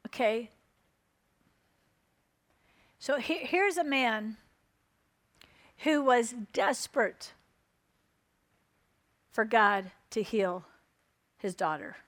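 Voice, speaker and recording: Woman preacher mid-sermon, fairly high voice, driving points home with repeated phrases and calls for "Amen". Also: fairly bright tone. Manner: emphatic, repeats phrases and asks the crowd "Amen?".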